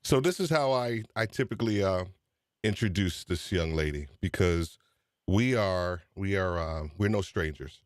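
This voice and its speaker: A man's voice: low-pitched, expressive, normal speed, no echo, clean studio sound. A man hosting a live-stream podcast, upbeat and chatty, often repeating his phrases. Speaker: podcast host.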